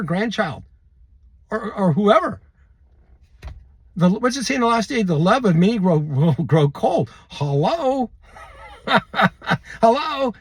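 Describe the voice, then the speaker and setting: Excited high-voiced man preaching. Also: breathy edge, dry recording. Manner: exuberant, laughs often, calls out to viewers. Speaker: end-times prophecy video host.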